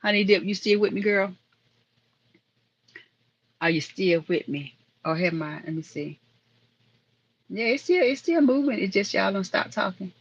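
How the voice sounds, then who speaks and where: A woman's voice: medium pitch, measured pace, long pauses, slightly rough. Woman rambling on her phone live stream, chatty, talking to the chat, kinda muffled lo-fi sound. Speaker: livestream host.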